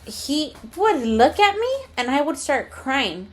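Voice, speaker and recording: A young woman co-hosting a casual podcast, her voice sitting a little higher than most. She tells a long personal story openly, swearing freely and slipping into Spanish slang now and then. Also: very animated, slow. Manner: candid and profane, mixes in Spanish slang. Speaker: podcast co-host.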